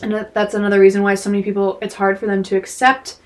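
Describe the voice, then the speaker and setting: A woman's voice: mid-range voice, monotone, fast talker, a little mellow. A woman speaking earnestly in a casual podcast conversation, often filling her speech with "like" and "you know".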